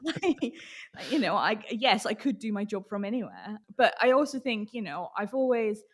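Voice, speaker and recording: A woman's voice: mid-range voice, very animated, moderate pace. A woman from Austria with an accent that is hard to place, talking openly as an interview guest and laughing often. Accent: British English blended, hard to place. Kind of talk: casual interview chat.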